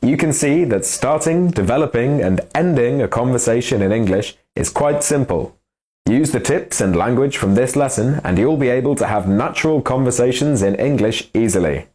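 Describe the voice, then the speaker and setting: A man teaching English in a scripted lesson, explaining lively and expressively. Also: mid-range voice, normal speed.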